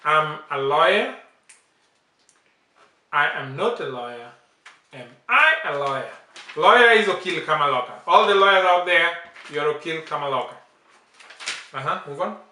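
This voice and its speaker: A man's voice: on the high side, lively intonation, normal speed, long pauses, bright, forceful tone, reverberant. A man teaching a language lesson in a casual way, coaching and correcting pronunciation with emphatic repeats.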